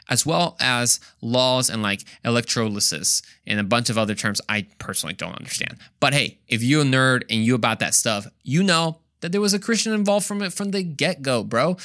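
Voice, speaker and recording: A man's voice: medium pitch, sharp tone, no room sound, clean studio sound. A young man hosting a Christian podcast, talking casually with jokey, slangy asides. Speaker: podcast host.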